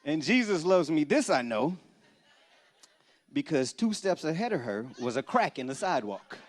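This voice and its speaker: Animated stand-up comic man, fairly high voice. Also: moderate pace. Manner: animated, punchy storyteller with sudden loud bursts. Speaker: stand-up comedian. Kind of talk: stand-up comedy set. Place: church event stage before a live audience.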